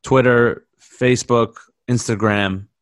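A young adult man guesting on a podcast as a comedian, talking in a laid-back, halting way with lots of fillers. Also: mid-range voice, fairly even intonation, clear, resonant tone, no echo, studio quality. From Canada. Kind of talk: casual chat.

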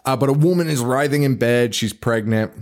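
On a relaxed horror podcast, a male co-host with a medium-pitched voice talks fairly quickly. His chat is loose and rambling, packed with swearing and sentences he keeps restarting.

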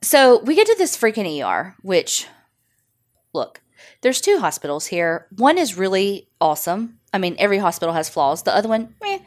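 A woman's voice: mid-range voice, big pitch swings, normal speed. A woman, chatting on a podcast in a blunt, joking way with frequent swearing. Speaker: podcast co-host. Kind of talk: casual chat.

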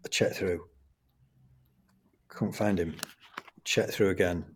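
A man with an English accent, a guest in an interview, recounts a personal story. His voice sits somewhat low, and he tells it in an animated, conversational way, often restarting mid-sentence. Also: slow pace, long pauses, breathy edge. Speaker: guest, school trust leader.

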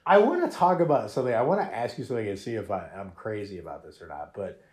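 A man's voice: fairly low pitch, very animated, fast talker, a little mellow. A man hosting a podcast, chatting animatedly about a show with frequent laughs and restarts. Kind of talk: casual chat reviewing a show.

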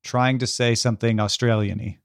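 An American man co-hosting a casual podcast, with a wry, matter-of-fact delivery. His voice has a middling pitch and comes across dry and close, with no room sound. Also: steady tone, brisk, gravelly, no room sound. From United States. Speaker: podcast co-host.

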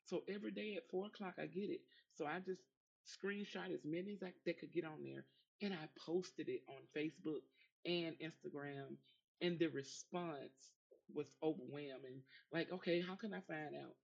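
A woman's voice: deep voice, moderate pace, vocal fry, darkish tone, husky, highs cut off. A woman giving an emphatic, rambling personal testimony in an online audio chat room, with many restarts.

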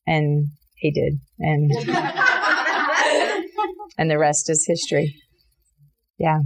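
A middle-aged woman with a slightly low voice shares a personal testimony. She talks earnestly and animatedly, with plenty of fillers and restarts. She jumps up in pitch when she acts out her own replies. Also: little pitch movement, slow, vocal fry, very noisy. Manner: voices others in quotes, jumping high for her own reactions. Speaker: interviewee.

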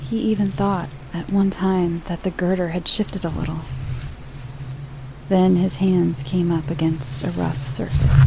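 Low, gravelly woman reading horror. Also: noisy background. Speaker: story narrator. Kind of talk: scripted horror story reading.

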